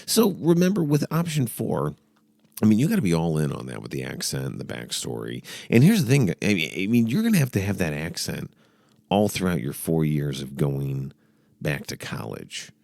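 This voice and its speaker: Deep gravelly man ranting. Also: moderate pace, no room sound, clean studio sound. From United States. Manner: sarcastic, profane, animated, puts on mock accents. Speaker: comedy podcast host. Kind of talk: rambling comedic advice.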